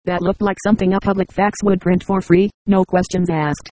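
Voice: medium pitch, flat delivery, a little fast, warm tone, poor audio. A text-to-speech narrator reading a science fiction novel, voicing symbols and numbers aloud literally. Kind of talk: scripted audiobook narration.

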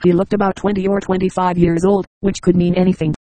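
A synthetic text-to-speech voice reading a novel aloud with an even, mechanical delivery. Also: mid-range voice, quick pace, no room sound, poor audio. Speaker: audiobook reader. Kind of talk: scripted narration.

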